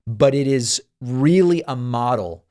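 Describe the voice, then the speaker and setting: Dry, sarcastic political show host. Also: male voice, medium pitch, expressive, measured pace, a little mellow. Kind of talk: political news commentary.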